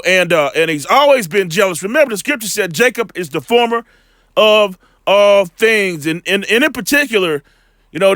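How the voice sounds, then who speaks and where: A man giving a loose, slangy scripture lesson, full of fillers and repeated "all right", slowing down when he reads the verses. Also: sits high, fairly bright tone, no room sound, studio quality. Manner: reads scripture slowly and deliberately. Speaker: bible teacher.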